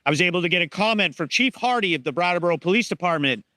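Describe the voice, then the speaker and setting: A man hosting a news show, reading scripted news narration in a plain, measured way. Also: high voice, expressive, bright, forceful tone, no echo.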